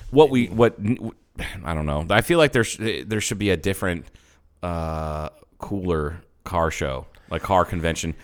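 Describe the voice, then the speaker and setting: A man's voice: low voice, measured pace, clean tone. A middle-aged man co-hosting a podcast, talking bluntly with lots of swearing and laughter. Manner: blunt and profane, laughs often. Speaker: podcast co-host. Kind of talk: casual chat.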